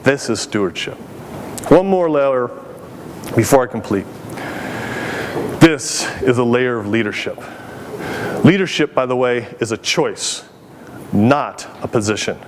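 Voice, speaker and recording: A middle-aged man gives an animated keynote talk in a conference hall, with his voice pitched a bit high for a man. He tells stories with energy and slips into the voices of the people he describes. A faint hum of the room sits behind him. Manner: animated, acts out quoted voices. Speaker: keynote speaker. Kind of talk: storytelling keynote speech.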